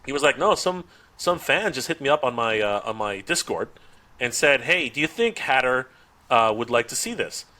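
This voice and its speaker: A man's voice: medium pitch, moderate pace. A man on a podcast, chatting casually and telling a story, acting out the dialogue with frequent laughs and restarts. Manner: animated, acts out quoted dialogue, laughs often, frequent restarts. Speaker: podcast guest, toy YouTuber.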